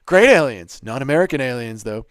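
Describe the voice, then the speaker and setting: A man's voice: medium pitch, animated, a little fast, a bit bright, clear, resonant tone, no room sound, studio quality. A man hosting a casual livestream Q&A, reading chat questions aloud and bantering back.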